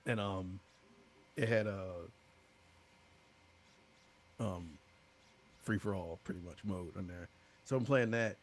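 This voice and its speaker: A man co-hosting a gaming podcast, telling stories in a casual, animated way and acting out other people's lines. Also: sits low, takes it slowly, long pauses, slight background noise. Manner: animated, laughing, acts out quoted voices. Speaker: podcast co-host. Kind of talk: casual storytelling chat.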